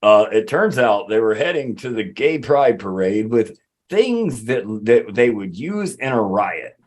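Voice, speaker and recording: A man's voice: fairly low pitch, very animated, a little slow. A man from Alabama with a Southern accent, co-hosting a podcast in casual chat, sarcastic and swearing constantly as he riffs in mocking rants. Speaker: podcast co-host.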